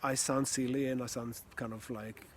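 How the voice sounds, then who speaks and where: Calm, earnest male voice coach. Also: medium pitch, slight background noise. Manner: calm, earnest, slow with pauses, occasional sighs and soft laughs. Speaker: communication and voice coach. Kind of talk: reflective teaching talk.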